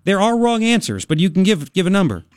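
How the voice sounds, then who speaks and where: A man in his forties hosting a talk radio show, joking with his co-host and telling animated stories between political commentary. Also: high-pitched, quick pace, dry recording, studio quality. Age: 40s. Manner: joking, teasing, animated storytelling. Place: radio studio. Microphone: studio mic.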